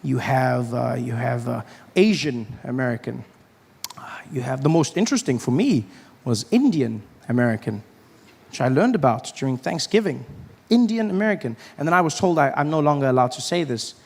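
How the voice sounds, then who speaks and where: A man performing a stand-up routine, animated and acting out other people in shifting voices. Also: medium pitch, normal speed, gravelly, slightly rough. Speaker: stand-up comedian. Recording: live stage with audience noise.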